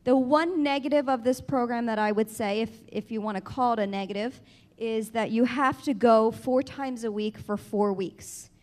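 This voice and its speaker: A woman speech-language pathologist giving a clear, explanatory conference presentation, stressing key advice to patients and caregivers. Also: a little high, fairly even intonation, moderate pace, a little mellow.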